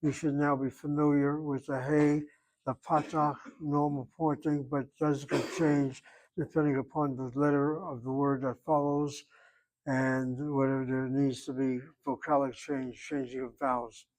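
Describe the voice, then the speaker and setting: A man's voice: medium pitch, level tone, unhurried, darkish tone, low-quality recording. An older man teaching a Hebrew class, explaining grammar patiently and repeating his points. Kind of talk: online class lecture.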